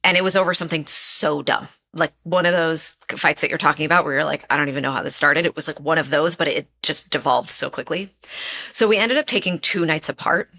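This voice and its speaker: Speaking fairly quickly, this woman has a low, creaky voice that sounds pushed and bright. As a relationship expert guesting on a podcast, she earnestly relates personal stories during a casual interview, repeating phrases to drive points home.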